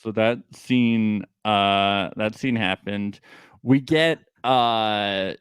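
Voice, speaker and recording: A man's voice: on the low side, drawn-out words, smooth, no room sound. A man co-hosting a casual podcast recap, chatty and laughing, with many fillers. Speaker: podcast co-host.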